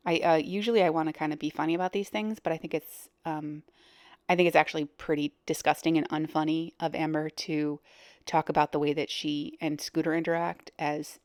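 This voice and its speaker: A woman's voice: low voice, no room sound, studio quality. A woman hosting a reaction video, giving blunt casual commentary with frequent hesitations. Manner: blunt, hesitant with many ums.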